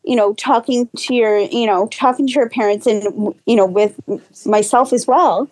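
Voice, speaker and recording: A woman with a higher-pitched voice speaks as a real estate guest on a podcast. She offers earnest, practical advice, often restarting with "you know". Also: moderate pace, a little mellow, poor audio. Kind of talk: casual interview chat.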